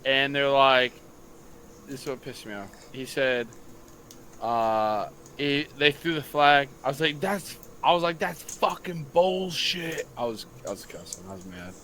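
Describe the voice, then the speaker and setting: A young man with a bright, forceful voice swaps stories on a casual late-night podcast. He is a high school football coach who swears freely and acts out the people in his stories. A faint hum of ambience sits behind him. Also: moderate pace. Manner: profane, animated storytelling.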